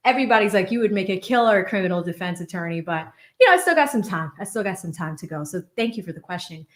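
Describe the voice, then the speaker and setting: Woman from Boston in her thirties, host of a legal-commentary stream, chatty, middle pitch, roomy echo. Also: fast talker. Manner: chatty, animated, reads out viewer messages. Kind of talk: livestream commentary and chat shout-outs.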